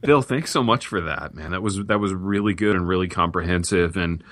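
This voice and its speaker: A man with a low, bright, forceful voice trades improvised jokes on a comedy podcast. He keeps up a playful, deadpan mock-advertising tone while riffing with his co-host. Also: a little fast.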